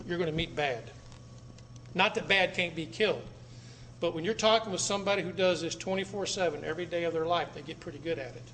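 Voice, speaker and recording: Man, American, lecture to an audience, blunt, dramatic, high voice, echoey room, faint background noise. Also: fast. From United States. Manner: blunt, dramatic, with sudden loud bursts. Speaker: public speaker.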